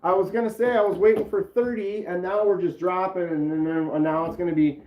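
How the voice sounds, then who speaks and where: A man's voice: sits high, fairly even intonation, brisk, few pauses. A man casually chatting on a live stream, rambling and greeting viewers from the chat by name. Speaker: knife channel live streamer. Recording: roomy, slightly dull sound.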